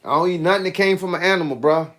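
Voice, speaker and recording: A man's voice: high-pitched, racing, a bit bright. A middle-aged man, a fitness coach chatting casually with viewers on a live stream, laid-back and laughing often. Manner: laid-back, repeats "hey, look" and "bro", laughs often.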